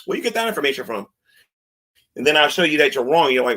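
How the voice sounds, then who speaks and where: A man's voice: on the high side, very animated, fast talker, pushed and bright. Mocking man in a confrontational rant. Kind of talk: ranting monologue.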